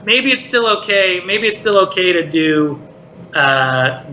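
Chatty man with a bright voice. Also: high voice, animated, unhurried, dull audio. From Maryland, United States. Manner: chatty, reflective, lots of "like" and "you know". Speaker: puppeteer and voice actor, guest. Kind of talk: casual interview chat. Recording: roomy echo, faint hiss.

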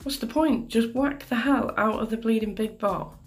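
This woman comments live while she plays a game, sounding talkative and exasperated and swearing mildly throughout. Her voice is fairly high and she speaks at a normal speed.

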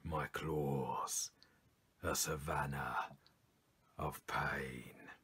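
A man voicing a proud, boastful lion in a low, breathy half-whisper. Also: fairly even intonation, drawn-out words, pushed and bright, exaggerated voice.

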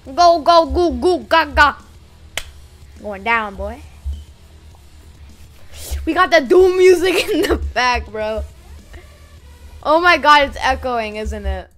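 A streamer giving excited live commentary while playing a game with viewers, breaking into hyped shouts and chants. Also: sits high, slow, pauses often, soft background music. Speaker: livestreaming gamer playing with viewers.

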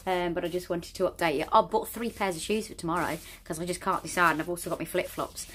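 Middle-aged woman, rambling chatty vlogger, lowish voice. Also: steady tone, quick pace, a bit bright, a little hiss or hum. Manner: chatty and rambling, laughs often. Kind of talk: casual chat to camera. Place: indoors at a relative's home.

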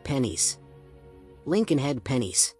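A man narrating a first-person audiobook in a steady storytelling manner. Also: medium pitch, slow pace, soft background music.

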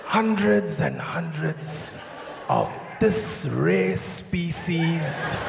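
A man voicing a solemn nature documentary narrator with a low, drawn-out delivery, recorded live in a theatre. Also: creaky, full character voice. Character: deep slow nature documentary narrator, male adult. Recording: live theatre hall with audience laughter.

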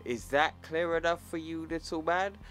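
A man's voice: a little high, steady tone, normal speed, fairly bright tone, faint music behind, voice pushed up, close to an everyday voice. A man reading lines for an arrogant male giant scientist hero, in his everyday voice. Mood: condescending.

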